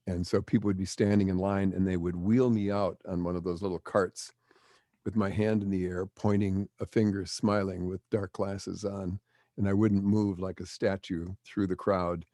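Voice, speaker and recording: Older man, veteran broadcaster; deep voice, dry sound, lively storyteller. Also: normal speed, dry recording. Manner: animated storyteller acting out quotes. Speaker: guest, broadcaster. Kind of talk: storytelling interview.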